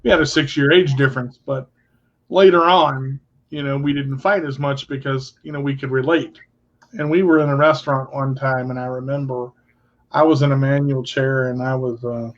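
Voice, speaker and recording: A man co-hosting a casual podcast, telling stories with crude jokes. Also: medium pitch. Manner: joking, crude humor. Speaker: podcast co-host. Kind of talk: casual chat. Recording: dull lo-fi sound.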